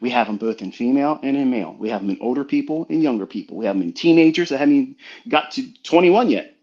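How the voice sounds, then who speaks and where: A middle-aged trading mentor speaks expressively and fast in a mid-range, darkish voice, delivering a blunt, profane motivational lecture heavy on rhetorical questions. The recording has a dull lo-fi sound.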